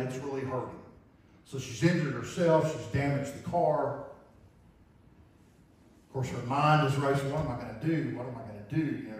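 A male preacher tells a story from the pulpit with earnest, vivid storytelling, circling back on his own words. His voice sits at a middling pitch. The recording is caught from well back in a strongly echoing church sanctuary. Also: darkish tone. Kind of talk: sermon storytelling illustration. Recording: very echoey hall, mic far off.

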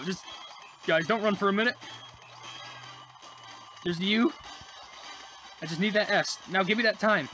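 Let's-play host, mid-pitched voice, rambling exasperated self-talk, faint game music underneath. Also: fairly bright tone. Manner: chatty, talks to self while playing, quick frustrated exclamations. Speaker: gaming YouTuber. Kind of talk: casual let's-play commentary.

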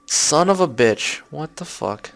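A young man narrating his gameplay with a gravelly, creaky voice. He talks at an unhurried pace but keeps breaking into frustrated curses and sarcastic remarks at the game. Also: fairly high pitch, lively intonation, a bit bright. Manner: swearing, frustrated outbursts and sarcastic asides. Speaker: gameplay commentator. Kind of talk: let's play commentary.

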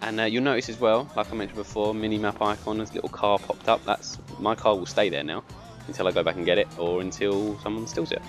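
A young man giving casual gameplay commentary, excitable and bossy when he directs his friend, and laughing often. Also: fairly low pitch, fast, faint music behind. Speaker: gaming channel host.

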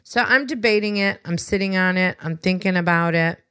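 A woman co-hosting a podcast, telling a story in a casual, animated, wry way and acting out both sides of conversations. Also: lowish voice, a little fast, clean tone, no echo, studio quality. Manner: exasperated, wry. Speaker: podcast co-host.

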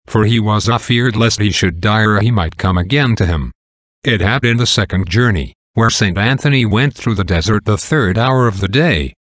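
A man with a fairly low voice reads old saints' legends aloud in slow, measured prose. The sound is close and dry, with no room around it. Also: a bit bright, no room sound. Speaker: reader of saints' lives. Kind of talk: slow reading of an old text.

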